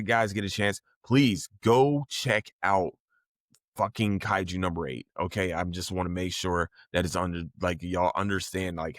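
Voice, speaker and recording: Brief: male podcast host, casual and profane, low-leaning voice, dry mic. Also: dry recording. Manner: rambling, profane, enthusiastic. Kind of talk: casual solo podcast review.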